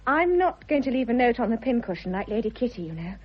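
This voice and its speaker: An actress as a teasing young wife. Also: female voice, on the high side, very animated, fast, husky. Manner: playful, teasing. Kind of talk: vintage radio drama acting. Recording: dull lo-fi old radio recording.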